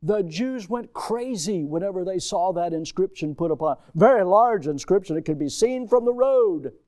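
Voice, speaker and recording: A man preaching a sermon as pastor, emphatic, swinging between loud and soft, and calling out to his congregation. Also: sits high, lively intonation, moderate pace, no echo. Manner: calls out to the congregation.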